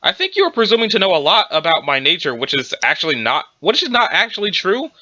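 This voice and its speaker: A man's voice: high-pitched, sing-song, fast talker, pushed and bright, highs cut off, heavily acted. A man voicing a prim young female vampire who talks in a formal, long-winded, touchy way. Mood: indignant.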